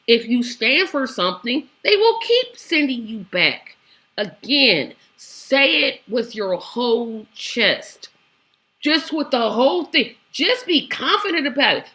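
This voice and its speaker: A woman's voice: sits high, sharp tone. A woman hosting a political commentary show, talking in a sassy, exasperated way and hammering her points with repetition. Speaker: show host.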